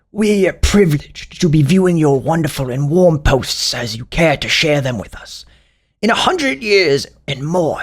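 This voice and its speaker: A man putting on a raspy, pompous old British gent. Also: fairly high pitch, full character voice. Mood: reverent. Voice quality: raspy, gravelly put-on voice. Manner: grandiose, theatrical, drawn-out reading. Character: pompous old British pipe-smoking male gentleman. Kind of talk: mock reading of comments aloud.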